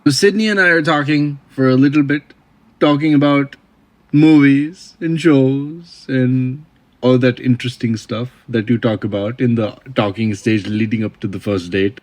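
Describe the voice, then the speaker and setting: A young man telling a comic dating story with deadpan, wry asides. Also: mid-range voice.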